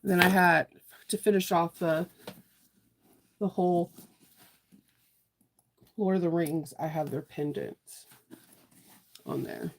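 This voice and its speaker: A woman's voice: on the low side, very animated, takes it slowly, vocal fry, long pauses. A woman hosting a sewing livestream, chatting casually, laughing often and answering viewers' comments as she works.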